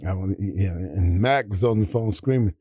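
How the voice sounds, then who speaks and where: A man in his sixties from Atlanta, Georgia, casually telling profane, animated stories as a guest and laughing as he acts out quotes. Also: sits low, moderate pace, slightly rough, no echo, studio quality. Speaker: guest, retired football player. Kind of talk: casual storytelling.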